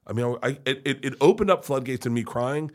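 A man's voice: medium pitch, a little fast. A middle-aged man on a podcast spins personal stories in a loose, rambling flow. He swears freely, restarts his sentences often and laughs as he goes, with an open, emotional delivery. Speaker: podcast guest. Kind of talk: casual storytelling chat.

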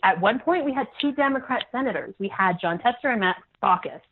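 A woman's voice: a little high, expressive, brisk, slightly rough. A chatty woman from Montana with a Montana accent, talking as a guest in an interview, laughing easily and trailing off with fillers. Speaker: state representative guest. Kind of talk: casual interview chat. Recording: tinny phone-like line.

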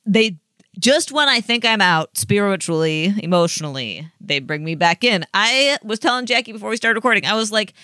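A woman co-hosting a podcast in casual chat, excitable and rambling with frequent restarts. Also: medium pitch, a little fast, smooth, dry recording, clean studio sound. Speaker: podcast co-host.

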